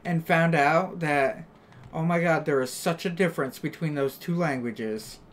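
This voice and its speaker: Slow-talking American woman chatting on stream. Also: sits low, slight background noise. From United States. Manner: chatty, storytelling with quoted back-and-forth. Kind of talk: casual chat on a live stream.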